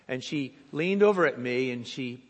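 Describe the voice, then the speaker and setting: A man preaching a sermon as pastor, telling a story slowly and deliberately with voices for the people in it. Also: medium pitch, animated. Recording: long reverb of a church hall.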